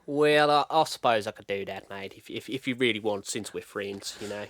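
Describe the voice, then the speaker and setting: A man's voice: fairly low pitch, fairly quick, a bit bright, close to an everyday voice. A man playing a crude, arrogant Australian film star in a comedy radio sketch, swearing constantly and calling everyone mate. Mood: smug. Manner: foul-mouthed, keeps saying mate. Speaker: interview guest.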